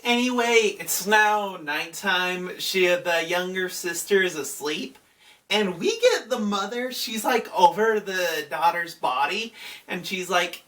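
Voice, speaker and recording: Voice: medium pitch, slow, fairly bright tone, recorded from a distance. A video reviewer giving a casual, chatty recap of a horror episode, with plenty of fillers.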